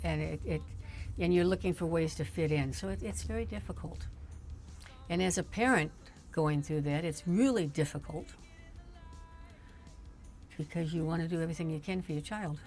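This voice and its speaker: A woman's voice: low voice, moderate pace, pauses often, darkish tone, faint music behind. Chatty older woman telling stories. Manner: chatty storyteller, laughs often. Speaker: streamer's mother, guest. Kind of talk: casual chat.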